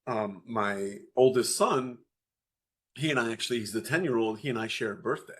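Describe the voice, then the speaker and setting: Interview guest: man in his thirties at medium pitch, an animated storyteller who acts out each exchange. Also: normal speed. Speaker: guest parent.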